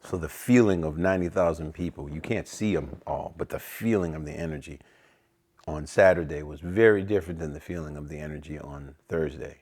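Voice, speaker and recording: A middle-aged man, a jazz saxophonist, telling anecdotes in a relaxed interview and acting out the lines of people he quotes. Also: extremely low pitch, fairly quick. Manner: acts out other people's lines in quoted voices.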